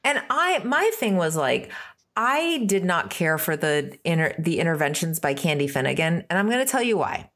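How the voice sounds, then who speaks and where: A woman co-hosting a podcast in relaxed, casual chat. Her voice sits a little low. She tells rambling stories and acts out the people in them as she goes. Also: normal speed. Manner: rambling storytelling with acted-out quotes. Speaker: podcast co-host.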